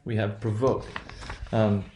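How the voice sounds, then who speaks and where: Halting man teaching in an echoey room. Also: fairly low pitch, flat delivery, warm tone, a little hiss or hum. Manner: halting, self-correcting, many fillers and "right?" checks. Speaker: English pronunciation teacher. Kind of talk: recorded lecture.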